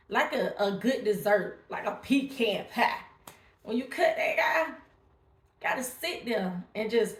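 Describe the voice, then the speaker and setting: Encouraging woman vlogger in a roomy space. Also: mid-range voice. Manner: encouraging, chatty, emphatic. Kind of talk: casual direct-to-camera talk.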